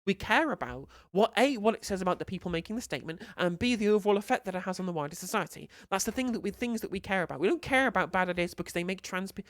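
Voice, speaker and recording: A woman's voice: mid-range voice, rapid-fire, hardly any pauses, no echo. Woman streamer, live reaction commentary, incredulous and sweary, dry close sound. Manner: animated, incredulous, swears freely.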